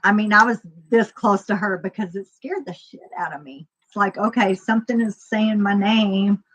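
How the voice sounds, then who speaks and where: A woman's voice: mid-range voice, moderate pace, a bit bright, low-quality recording. A woman casually telling a personal story, rambling, with lots of fillers and acted-out dialogue.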